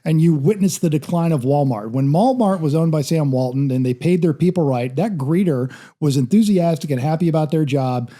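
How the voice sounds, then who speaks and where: A man co-hosting a casual podcast, airing blunt opinions in a slightly higher, mellow voice. He rants freely, with no polish or script. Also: brisk, few pauses. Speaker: podcast co-host. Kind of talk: casual chat.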